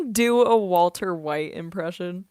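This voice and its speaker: A young woman and voice actress chatting in a quiet, soft-spoken late-night Q&A at home, laughing often. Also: fairly low pitch, big pitch swings, takes it slowly, no room sound, clean studio sound. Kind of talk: casual late-night Q&A chat.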